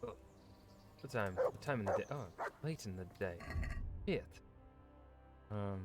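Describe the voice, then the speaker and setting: A man's voice: fairly low pitch, expressive, unhurried, long pauses, loud music behind the voice. A man streaming a game, muttering to himself, swearing and complaining in an offhand casual way. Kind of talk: casual live-stream chat while gaming.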